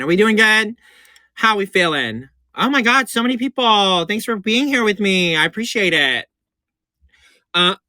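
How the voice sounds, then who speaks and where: A man's voice: high-pitched, bright, forceful tone, no echo, studio quality. A man who performs in drag, giving a campy, chatty makeup tutorial on a livestream and calling his viewers honey and baby. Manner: gushing and repetitive.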